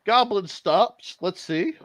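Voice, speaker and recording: A man running a tabletop game as game master, animated and laughing as he narrates. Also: high voice, no room sound. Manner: animated, laughing, jumps between narration and quick voices.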